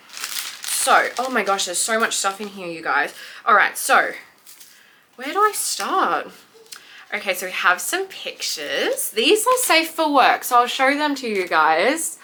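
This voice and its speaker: A young woman chatting excitedly to viewers as she unboxes a book parcel. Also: medium pitch, a little hiss or hum. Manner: gushing, excitable, talks to viewers. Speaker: book vlogger. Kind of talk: casual unboxing chat.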